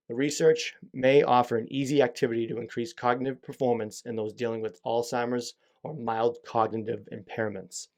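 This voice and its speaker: A man's voice: medium pitch, darkish tone. A young adult man hosting a solo podcast, talking candidly and rambling with lots of fillers and swearing. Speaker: podcast host. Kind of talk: casual solo podcast monologue.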